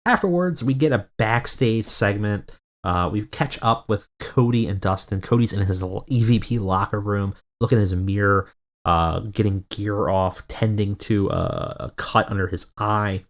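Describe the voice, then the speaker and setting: Guy rambling through a let's play, lowish voice, keeps correcting himself. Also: normal speed. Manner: rambling, self-correcting, chuckling. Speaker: video game let's player. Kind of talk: casual gameplay commentary.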